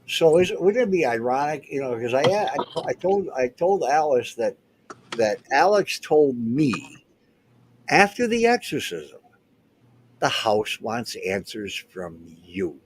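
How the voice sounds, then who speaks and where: A man's voice: fairly high pitch, big pitch swings, unhurried, slight background noise. Rambling older man in his seventies. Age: 70s. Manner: rambling storyteller with frequent restarts. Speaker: guest recounting past events. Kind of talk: casual chat.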